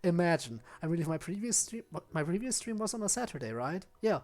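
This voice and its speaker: A man's voice: sits high, sing-song, fairly quick, a little mellow. A man streaming a visual novel, reading the hero's lines and chatting with a self-mocking, laughing manner. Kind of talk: playing a visual novel aloud.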